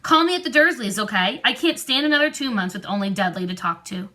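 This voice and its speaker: Woman reading as a friendly young wizard boy, brisk and matter-of-fact, storybook read-aloud. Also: on the high side, expressive, bright, forceful tone. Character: twelve-year-old boy wizard, plain and friendly.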